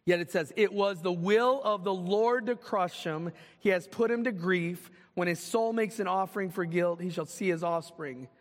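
A man preaching a sermon as pastor, swinging from loud, urgent calls to hushed, slow lines. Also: high voice, long reverb tail.

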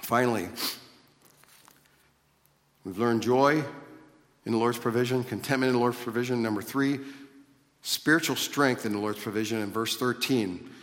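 A man's voice: medium pitch, moderate pace, pauses often, fairly bright tone. A man preaching a sermon, earnestly explaining scripture and grammar, often repeating and restarting his phrases. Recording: long reverb of a hall.

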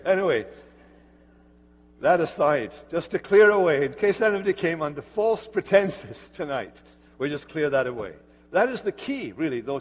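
A man preaching an earnest, emphatic sermon as pastor in a church sanctuary. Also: mid-range voice. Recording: church hall reverb.

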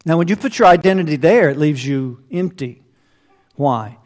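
A man's voice: on the high side, expressive, moderate pace, a little mellow. A man preaching a sermon, reading scripture aloud and asking the listeners rhetorical questions. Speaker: pastor.

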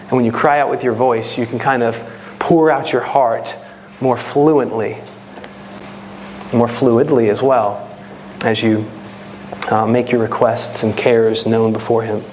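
A man's voice: mid-range voice, fairly even intonation, unhurried, long pauses, a little mellow, a little hiss or hum. A man preaching a sermon in an earnest, teaching manner, a parent of children. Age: adult with children. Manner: earnest, rises to impassioned prayer voice.

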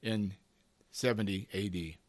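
A man's voice: lowish voice, fairly even intonation, a little slow. A man preaching a Bible lesson, emphatic, with rising and falling intensity and strings of rhetorical questions, addressing his listeners as beloved. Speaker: Bible teacher.

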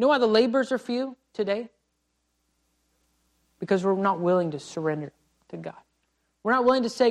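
A man preaching a sermon as a missionary, swinging between loud pleading cries and quiet, low passages. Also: lively intonation, a little fast, long pauses. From United States. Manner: impassioned, rising to pleading cries and dropping to quiet.

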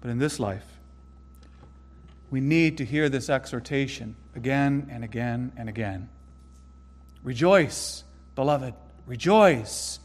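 A man preaching a sermon, earnest and emphatic, slowing down to stress key phrases. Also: medium pitch, lively intonation, in a large hall. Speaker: pastor.

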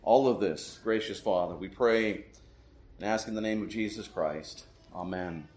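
A man preaching a sermon as pastor, praying and reading scripture in a solemn, measured way, slowing for emphasis. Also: on the low side, a little mellow, roomy sound, slight background noise, rough recording.

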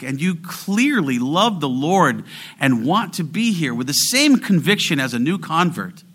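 A man preaching a sermon as pastor, earnest and building to fervent exhortation, sometimes slowing down or dropping to a near whisper for emphasis. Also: a little high, a bit bright.

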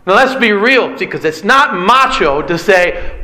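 High, bright-voiced preacher man. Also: animated, unhurried, rough recording. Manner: emphatic, repeats key phrases, asks the listeners questions. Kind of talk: sermon.

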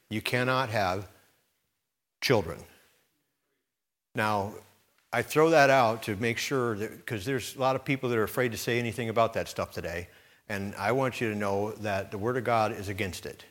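A middle-aged man preaching a sermon, talking straight to his congregation in a conversational way that swells into loud, emphatic peaks. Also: mid-range voice. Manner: conversational, direct address to the congregation with repetitions. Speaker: pastor.

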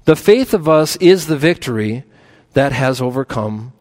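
A man preaching a sermon, building to loud, emphatic peaks, then dropping low, repeating lists and restarting words mid-phrase. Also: lively intonation, measured pace.

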